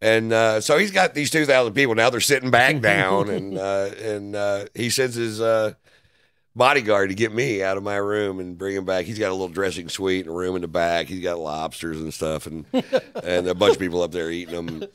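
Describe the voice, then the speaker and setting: A man's voice: deep voice, steady tone, a little fast, a bit bright, clear, resonant tone, no room sound, studio quality. A man, a comedian, telling a loose, profane story in a casual interview. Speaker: comedian guest. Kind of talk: storytelling anecdote.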